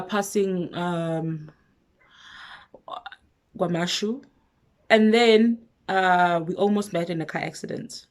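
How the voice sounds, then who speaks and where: A woman with a South African accent telling a personal story on her vlog, lively, with hushed asides. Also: on the low side. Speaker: vlogger.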